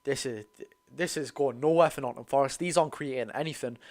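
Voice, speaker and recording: A teenage man with a Geordie accent giving a live fan commentary on a football match, talking to his chat, his voice going hoarse. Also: mid-range voice, fast talker. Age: teens. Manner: excitable, chatty, calls the play and talks to chat. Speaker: fan watch-along host.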